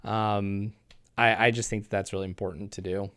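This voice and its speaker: A man's voice: fairly low pitch, little pitch movement, moderate pace, a bit bright, dry recording, studio quality. A man who is a guest on a casual podcast chat, talking enthusiastically in a rambling way. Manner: enthusiastic, rambling with restarts and laughs.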